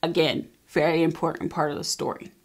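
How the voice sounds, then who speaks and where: A woman in her thirties telling a personal story in a casual storytime vlog, emphatic and animated, acting out what people said. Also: low-pitched, fairly quick, slightly rough. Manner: emphatic, animated retelling, acting out quoted lines.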